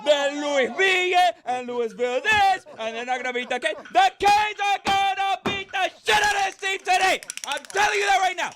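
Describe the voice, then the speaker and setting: A brash, boastful character who shouts and rants in a high, very lively voice, put on by a man. The delivery is loud and indignant, a comic bit on a sports talk show. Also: normal speed, very noisy. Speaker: recurring character.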